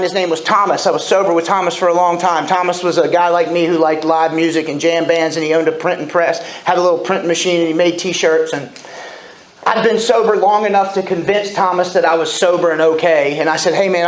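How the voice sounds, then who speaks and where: Candid man telling his recovery story. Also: fairly high pitch. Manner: candid storytelling, self-deprecating. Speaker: AA speaker. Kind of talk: recovery meeting share. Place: meeting room. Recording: echoey room with faint ambience.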